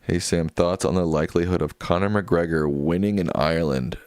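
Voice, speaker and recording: A man's voice: sits low, a little fast, a little mellow, clear, resonant tone, dry recording, studio quality. A man hosting a livestream after-show, casually reading viewer comments aloud and answering them offhand. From United States. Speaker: livestream host reading chat. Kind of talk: casual chat.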